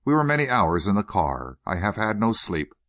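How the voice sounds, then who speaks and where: An impulsive nineteen-year-old, as a man acts him out, straining against his elders in urgent, pleading bursts. The voice runs low but leaps around with agitation. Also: sing-song, normal speed, a bit bright.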